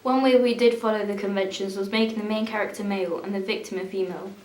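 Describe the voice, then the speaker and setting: A young woman reading a school media evaluation aloud in a steady, even way. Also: medium pitch, quick pace, roomy sound, slight background noise, rough recording. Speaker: student presenter.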